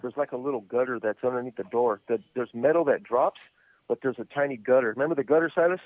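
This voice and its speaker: A man hosting a podcast, telling stories in a relaxed, rambling way full of "you know.". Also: medium pitch, fast, no room sound. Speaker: podcast host. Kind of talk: casual storytelling chat. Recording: tinny phone line.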